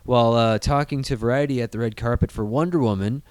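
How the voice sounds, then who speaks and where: Brief: male podcast host, clear voice, dry close sound, crude and jokey. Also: medium pitch, quick pace, darkish tone, no room sound. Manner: crude and jokey, lots of fillers. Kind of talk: casual chat and reading news.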